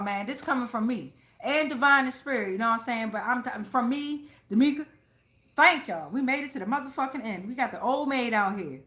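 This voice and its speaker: A woman giving a casual tarot reading to her viewers, talking excitably with lots of profanity, repeating phrases and checking in with "right?" again and again. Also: sits high, a little fast, echoey room. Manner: profane, keeps asking "right?". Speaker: tarot reader.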